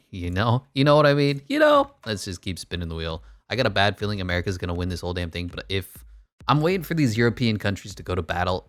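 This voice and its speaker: A young man talks through a basketball video game simulation, cracking jokes and firing off stat lines in a casual play-by-play. His voice sits fairly low. The sound is dry and close, with no room around it. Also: dry recording. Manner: jokey play-by-play with quick stat rundowns. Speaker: gaming YouTuber.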